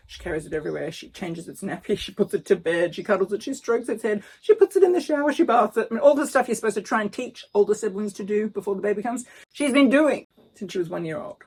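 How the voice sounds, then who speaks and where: Woman, 50s, husky, gravelly, earnest and tearful vlog talk. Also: mid-range voice, quick pace, darkish tone. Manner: emotional, earnest, close to tears. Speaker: vlogger. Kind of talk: casual pregnancy update vlog. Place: outdoors in front of her house.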